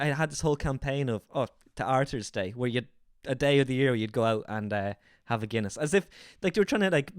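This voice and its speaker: An Irish man hosts a casual comedy chat, rambling and doubling back over his words. His voice sits at an ordinary pitch. It sounds close and dry, with no room around it. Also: dry recording. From Ireland. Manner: rambling, self-correcting, laughs often. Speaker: host.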